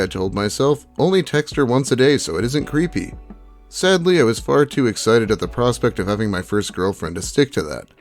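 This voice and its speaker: Male host, reads posts with lively pitch, dry sarcastic commentary, faint music underneath. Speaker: YouTube host reading Reddit posts. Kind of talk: reading posts aloud with commentary.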